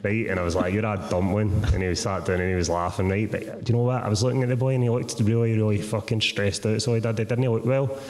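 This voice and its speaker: A Scottish man with a fairly low voice tells sweary, animated stories and keeps checking in with "right?" He is speaking on a theatre stage, and the sound carries the long reverb of the hall. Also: fast, hardly any pauses. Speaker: guest author. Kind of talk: live podcast conversation on stage. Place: theatre stage before a live audience.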